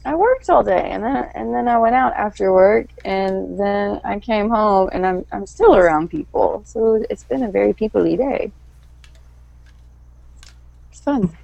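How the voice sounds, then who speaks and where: A woman's voice: medium pitch, measured pace, vocal fry, a little mellow, dry recording, lo-fi sound. A woman in casual chat, giggly and tired, on a livestream.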